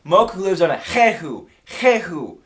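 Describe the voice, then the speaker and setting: A man doing a halting restaurant lady. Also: sits high, sing-song, fairly bright tone, pitched above the performer's own voice. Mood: matter-of-fact. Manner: halting, repeats words, broken grammar. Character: flustered woman restaurant owner on the phone. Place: his room.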